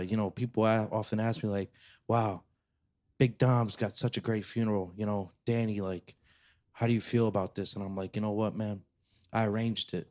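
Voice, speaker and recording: A boastful New York mob uncle with a gambling habit, as a man puts him on for a podcast story, his voice dropping low and quiet as he mutters his confidences. He speaks in a thick put-on New York Italian mafia accent, leaning in conspiratorially. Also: lightly acted.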